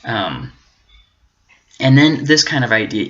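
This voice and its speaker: A man speaks at an ordinary middle pitch, earnest and encouraging, as he delivers a faith-based motivational talk. He often stumbles, restarts and repeats words. The recording sounds dull and slightly muffled. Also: normal speed, a bit bright. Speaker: self-help channel host.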